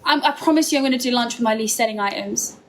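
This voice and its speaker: A young woman livestreaming late at night, chatting excitedly and dramatically with her viewers. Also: fairly high pitch, quick pace, a little hiss or hum. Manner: excitable, dramatic banter with chat.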